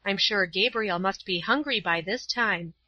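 A woman's voice: medium pitch, a little slow, no echo, lightly acted. A woman voicing a bustling, good-hearted gray-haired older woman, effusive and busy, in a storybook reading. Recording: slightly dull, dry recording.

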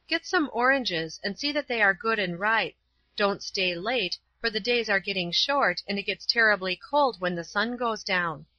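A woman reading aloud voices a caring, practical grown woman who gives gentle advice. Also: medium pitch, lively intonation, normal speed, dry recording. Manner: gentle, advising. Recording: slightly dull, dry.

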